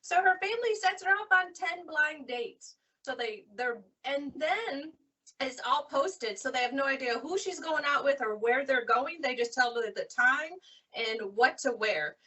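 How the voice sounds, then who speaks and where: A woman librarian chatting casually about books, retelling stories in an animated way. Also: high voice, unhurried, distant mic. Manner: animated retelling, acts out characters' lines. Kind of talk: casual book recommendation chat.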